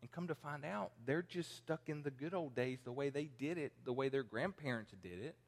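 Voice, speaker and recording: A man's voice: medium pitch, normal speed. Man in his forties preaching in a reverberant hall. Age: 40s. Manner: conversational preaching with acted-out quotes. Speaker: pastor. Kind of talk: sermon. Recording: long reverb in a large hall.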